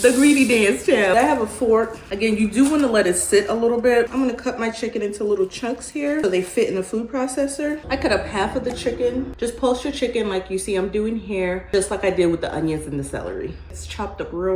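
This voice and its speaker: A woman's voice: medium pitch, fairly quick, hardly any pauses, darkish tone. Chatty woman cooking in echoey kitchen. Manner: chatty, homey, laughs often, says "y'all" and "child". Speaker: cooking vlogger. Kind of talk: casual cooking tutorial. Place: home kitchen. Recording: roomy kitchen echo, clear background noise.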